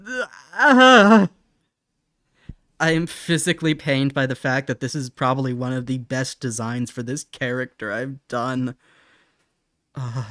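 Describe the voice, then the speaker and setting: A man's voice: mid-range voice, no room sound, studio quality. A young man chatting casually on a live stream while he draws, laughing often and apologizing in a self-mocking way.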